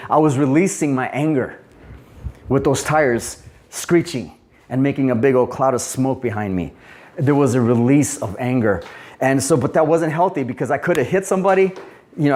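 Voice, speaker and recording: A man's voice: mid-range voice, a little mellow. A man giving a sermon as a pastor, talking casually and telling personal stories with acted-out quotes. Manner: conversational, storytelling with quoted dialogue and asides.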